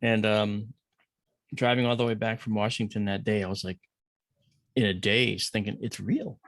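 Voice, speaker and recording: Man, middle-aged, gravelly, dry close sound, podcast guest, animated storytelling, acts out voices. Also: lowish voice, moderate pace, no echo. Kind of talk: storytelling in casual conversation.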